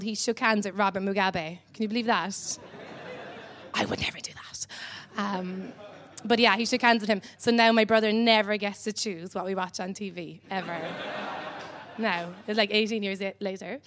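An Irish woman from Ireland doing stand-up comedy on a club stage, rambling and dry with many pauses and "um"s. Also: medium pitch, fairly bright tone.

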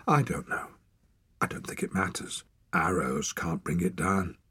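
A man's voice: deep voice, sing-song, unhurried, fairly bright tone, slightly rough, no echo, full character voice. A man voicing a brave but shaken young girl in an audiobook, speaking urgently and pleadingly. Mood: uneasy. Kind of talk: audiobook character voice.

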